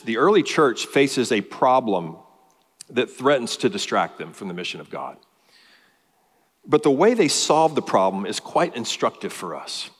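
A man preaches a sermon as pastor, walking through a passage and building emphasis with rising lists. His voice sits in a middle range. A long hall reverb follows every phrase. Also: medium pitch.

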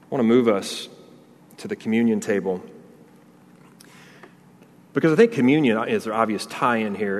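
A pastor giving an earnest, conversational sermon, mixing Scripture readings with casual asides and fillers. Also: male voice, fairly low pitch, long reverb tail.

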